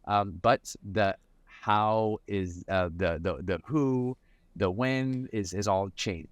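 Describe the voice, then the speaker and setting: Low-voiced reflective man, dry sound. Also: normal speed, no echo. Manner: reflective, repeats words when starting a thought. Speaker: mental performance coach, guest. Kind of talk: conversational interview answers.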